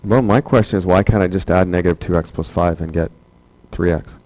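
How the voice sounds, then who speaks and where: A man's voice: sits low, fairly even intonation, a little fast, mellow, dry recording, low-quality recording. A man teaching a math class, chatty and joking, asking rhetorical questions over and over. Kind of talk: classroom lecture.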